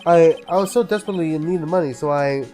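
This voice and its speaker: A man's voice: fairly high pitch, fast, warm tone, soft background music, natural voice. A man voicing a vain, flamboyant man with a put-on French accent, theatrical and sing-song, dropping French words. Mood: nervous.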